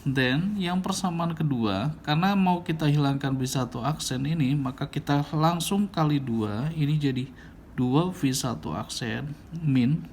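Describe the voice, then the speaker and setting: A man with an Indonesian accent explaining a physics problem step by step, halting and thinking aloud, mixing English and Indonesian. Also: on the high side, a little mellow, slight background noise. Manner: switches between English and Indonesian. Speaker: physics tutor.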